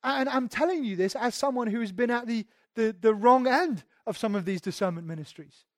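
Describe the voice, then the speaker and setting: A man's voice: extremely high pitch, a little fast, no room sound, clean studio sound. A man, a pastor, preaching a sermon conversationally and emphatically, often repeating words as he goes.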